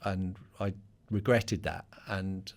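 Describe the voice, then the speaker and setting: A man's voice: deep voice, steady tone, slow pace, creaky. A middle-aged man, a business leader giving a conversational podcast interview in a straightforward, plain-spoken way. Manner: straightforward, conversational with many fillers.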